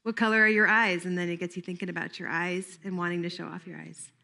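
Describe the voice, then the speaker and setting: A woman's voice: fairly low pitch, level tone, fast, vocal fry, bright, forceful tone. A woman leading a training workshop for camp staff, talking conversationally and drawing the audience in with questions.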